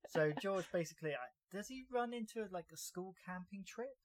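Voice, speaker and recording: A man's voice: sits high, animated, fairly quick. A man hosting a casual fan podcast, recapping scenes with dry jokes. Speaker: podcast host.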